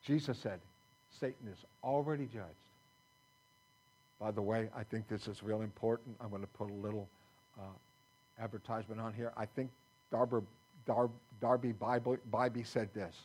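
A man's voice: on the low side, fairly even intonation, normal speed, pauses often, a little mellow, low-quality recording. A man pastor preaching a sermon in a folksy, conversational way, quoting scripture to his congregation. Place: church sanctuary.

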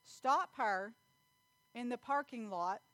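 A woman preaching a sermon in church, telling stories and acting out scenes with loud animated bursts. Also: on the high side, slow pace, no echo. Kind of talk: sermon with storytelling.

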